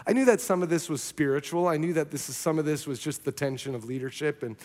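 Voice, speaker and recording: A young adult male pastor preaching a sermon, telling a personal story in an earnest, animated way. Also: a little high, quick pace. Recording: long reverb of a large hall.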